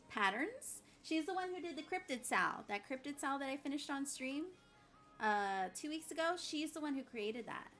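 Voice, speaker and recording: A woman chatting casually on a crafting livestream, bubbly and quick to laugh, greeting viewers loudly and muttering to herself as she works. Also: fairly high pitch. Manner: mutters and whispers to herself while working. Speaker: craft streamer.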